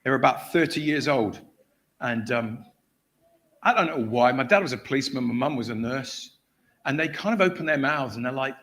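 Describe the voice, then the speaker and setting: A man's voice: mid-range voice, fairly quick. A man preaching at a church, telling a story with acted-out voices and frequent laughter. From England. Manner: animated storyteller, acts out shouted voices, laughs often. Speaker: guest preacher. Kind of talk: sermon storytelling.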